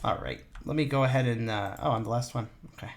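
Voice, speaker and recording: A man's voice: medium pitch, fast, slight background noise. A man talks through his tabletop character's choices in loose, rambling casual chat. He corrects himself mid-sentence, chuckles often, and comes through a voice-chat microphone. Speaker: streamer and player. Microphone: push-to-talk voice chat mic.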